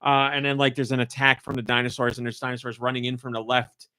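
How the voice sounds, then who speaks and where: A man's voice: medium pitch, little pitch movement, fast talker, pushed and bright, clean tone, no room sound, studio quality. A man hosting a casual podcast, telling a family story animatedly and acting out quotes in a raised voice. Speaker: podcast host.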